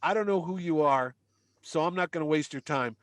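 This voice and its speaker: A man's voice: fairly high pitch, fairly quick, no room sound. A middle-aged man telling a long anecdote in casual chat, acting out the voices of people he met. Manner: animated anecdote teller, acts out dialogue. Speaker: podcast guest. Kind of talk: casual storytelling.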